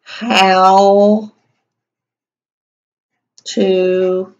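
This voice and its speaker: A woman teaching young children a writing lesson, sounding out words slowly and asking the class questions as she writes. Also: medium pitch, flat delivery, highs cut off. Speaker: kindergarten teacher.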